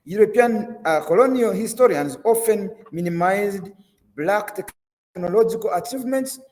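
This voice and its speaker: A man's voice: sits high, expressive, moderate pace, darkish tone, in a large hall. A man hosting an interview, introducing a topic by reading prepared notes. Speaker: host.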